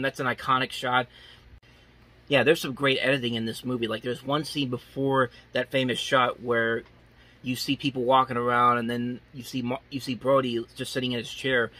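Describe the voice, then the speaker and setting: A young man talks through a movie review with loose, unscripted enthusiasm. His voice is bright and forward with a husky grain. He keeps restarting sentences and leaning on filler words. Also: medium pitch. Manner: rambling, many restarts and "like" fillers.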